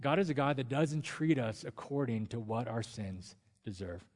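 A man preaching a sermon as a pastor, telling stories in a relaxed, conversational way. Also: medium pitch, moderate pace. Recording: long reverb of a church hall.

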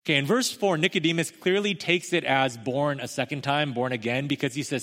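A man's voice: mid-range voice, brisk, fairly bright tone. A young adult man preaching a sermon to a congregation, speaking in a conversational, emphatic way with asides to the listeners. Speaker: pastor. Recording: long hall reverb.

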